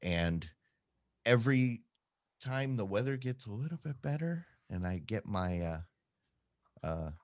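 A man's voice: expressive, dry recording. A man co-hosting a podcast, chatting casually in a rambling, self-deprecating way. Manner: rambling, self-deprecating, quick pitch jumps. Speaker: podcast co-host. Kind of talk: casual chat.

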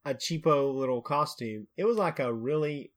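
A woman with an extremely deep, low voice, co-hosting a casual podcast. She is laid-back and fills in details with short remarks. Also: expressive, normal speed. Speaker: podcast co-host. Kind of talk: casual chat.

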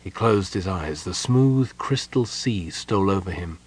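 Low, husky male audiobook narrator. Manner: steady, measured storytelling. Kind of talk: scripted fantasy narration.

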